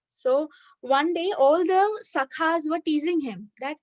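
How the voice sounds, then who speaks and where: A woman narrates a devotional story in a chatty, lively manner. Her voice sits a bit high and the sound is dry and close-miked. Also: a little slow, no room sound. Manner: conversational, lively retelling with fillers.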